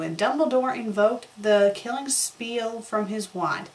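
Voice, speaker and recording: In a rough recording, a woman reviews fanfiction by reading it aloud as a comedic dramatic performance. Her mid-range voice moves a little slowly, and she sounds exasperated and sarcastic as she acts out the lines.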